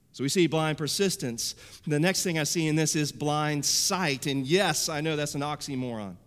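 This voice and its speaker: A man's voice: fairly high pitch, clean tone. A man preaching a sermon as pastor, emphatic and repeating phrases for effect. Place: church sanctuary. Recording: long reverb of a church sanctuary.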